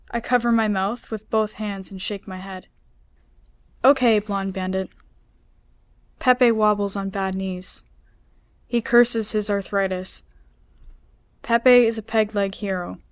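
A woman author reading her own story aloud in a measured, unhurried way. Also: medium pitch, fairly even intonation, clean tone, dry recording. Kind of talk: literary reading.

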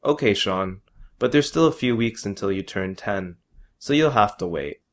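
A man voicing a calm mother who speaks plainly to her young son. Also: lowish voice, moderate pace.

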